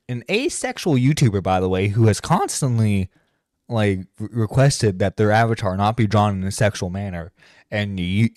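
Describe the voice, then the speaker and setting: A man's voice: on the low side, no echo, clean studio sound. A man streaming a reaction to a video, swearing and exasperated, stumbling over his words. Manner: profane, exasperated, stammering. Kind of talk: reaction commentary. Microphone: close streaming mic.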